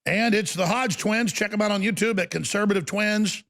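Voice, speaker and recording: A man's voice: high-pitched, fairly bright tone. A man hosting a political talk show, talking in an emphatic, incredulous way. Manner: emphatic, incredulous, fast-shifting delivery.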